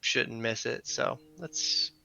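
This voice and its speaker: A man voicing a steady monster hunter who speaks in a matter-of-fact way. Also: medium pitch, slow, gravelly, dry recording, exaggerated voice.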